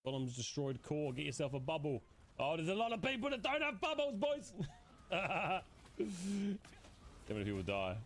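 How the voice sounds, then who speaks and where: A man yelling callouts to his squad while gaming, swearing and laughing a lot. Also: a little high, wildly swooping pitch, normal speed. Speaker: gamer playing with a squad. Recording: clear game noise behind the voice.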